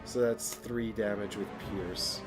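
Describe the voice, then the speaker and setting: A man's voice: lowish voice, steady tone, slow. A man playing a board game and thinking aloud, sighing and cursing openly when things go wrong. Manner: emotional, sighs and curses at bad luck. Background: background music.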